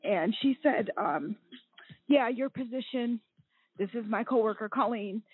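Woman in her forties, emotional guest account, husky voice, tinny phone line, dry sound. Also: fairly high pitch, a little slow. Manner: emotional, tearful at times. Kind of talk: personal account on a talk show.

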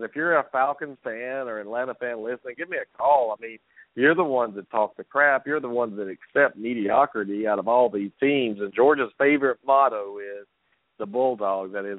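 A man hosts a casual sports talk show, ranting and laughing as he needles the local teams. His voice is mid-pitched and comes through a tinny, phone-like line with a dry, close sound. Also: lively intonation, normal speed, no room sound. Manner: ranting, laughs between jabs. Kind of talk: casual sports radio rant. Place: lives in Atlanta.

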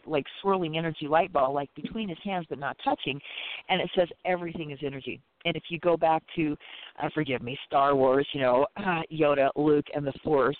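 A man's voice: a little high, no echo. A man who practices Reiki, chatting casually in a rambling way, full of "you know" and "it's like". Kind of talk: casual chat. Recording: tinny phone line, dry.

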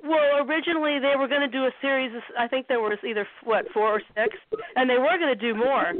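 Middle-aged woman guest, high-pitched and friendly, trailing and repeating words as she recalls, heard over a tinny phone line. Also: steady tone, quick pace. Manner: friendly, searching her memory, repeats words while recalling. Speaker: guest, former toy designer. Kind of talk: casual phone interview.

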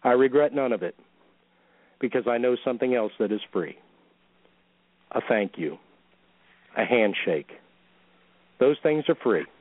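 A man's voice: medium pitch, animated, measured pace, pauses often, dry recording. A man co-hosting an internet radio show, reading an open letter in a pompous, mock-solemn way. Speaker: podcast co-host. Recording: tinny phone-line call-in.

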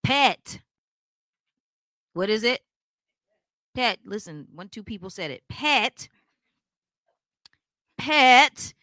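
A woman's voice: medium pitch, animated, measured pace, long pauses, pushed and bright, no room sound. A woman co-hosting a church broadcast, teaching in an emphatic preaching style and putting pointed questions to her listeners.

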